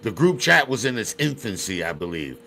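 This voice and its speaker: A man's voice: on the low side, sing-song, a little fast, creaky, sharp tone, a little hiss or hum. A man hosting a podcast who keeps the chat loose and slangy, often laughing and swearing. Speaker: podcast host. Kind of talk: casual interview chat.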